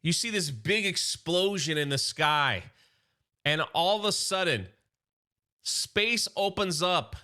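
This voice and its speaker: Guy with a bright, punchy, slightly high voice chatting through a comic recap, lots of "you know". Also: animated, takes it slowly. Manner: chatty retelling, voicing characters' lines, many "you know" and "he's like". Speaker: comic book reviewer.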